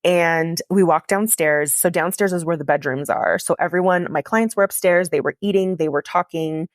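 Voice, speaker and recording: Low-voiced woman telling a candid story. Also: moderate pace, no echo, clean studio sound. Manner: candid, confessional, heavy use of "like". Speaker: podcast host and coach. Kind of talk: personal storytelling monologue.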